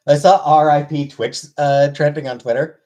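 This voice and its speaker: A man's voice: on the high side, steady tone, normal speed, warm tone, highs cut off. A man streaming live, greeting viewers by name and answering chat with dry, offhand replies. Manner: laid-back, greets viewers one after another by name. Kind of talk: casual livestream chat, reading and answering chat.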